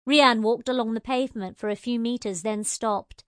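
An audiobook narrator with a fairly high-pitched voice reads a novel in scripted narration, her storytelling measured and wry. The sound is clean studio audio with no room tone.

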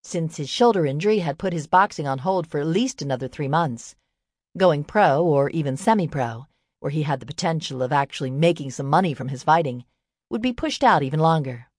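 Woman narrator, low voice, measured steady reading, dry close recording. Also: dry recording. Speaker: audiobook narrator. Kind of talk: scripted narration.

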